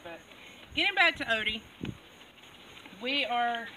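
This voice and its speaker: A goat farmer vlogger chats casually in her farm vlog, laughing often and coaxing her animals. Her voice is on the high side with lively intonation, and she takes it slowly. The distant outdoor mic picks up background noise.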